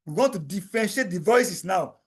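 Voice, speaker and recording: A man teaching a software tutorial as a voice-over on a screen recording. He speaks to the viewer directly, explaining each step slowly and repeating points to make sure they land. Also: high voice, animated. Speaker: tutorial instructor.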